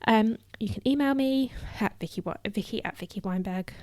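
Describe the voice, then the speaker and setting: A woman's voice: medium pitch, moderate pace, a little mellow, dry recording. Woman, podcast host, casual solo talk, slightly out of breath, frequent ums, dry sound. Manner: chatty, full of "um" fillers and restarts. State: somewhat out of breath.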